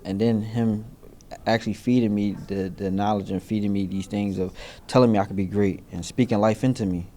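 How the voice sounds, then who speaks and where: A man in his thirties answers interview questions in a reflective, halting way, often reaching for fillers. His voice is low and mellow. A faint background hiss sits behind him. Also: steady tone. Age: 30s. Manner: halting, searching for words with many fillers. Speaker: interviewee in a news feature.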